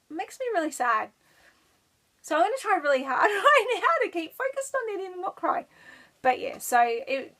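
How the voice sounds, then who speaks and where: A woman's voice: high-pitched, creaky, a bit bright. An Australian woman chatting casually to camera as a knitting podcaster, rambling and giggling as she goes. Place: child's bedroom at home.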